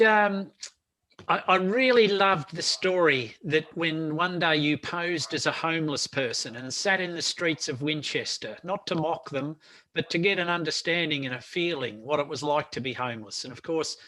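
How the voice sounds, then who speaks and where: A man's voice: on the high side, normal speed, sharp tone. A man hosting an interview, asking questions with frequent hesitations and restarts. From Australia. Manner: hesitant, many fillers and restarts. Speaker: interviewer, podcast host.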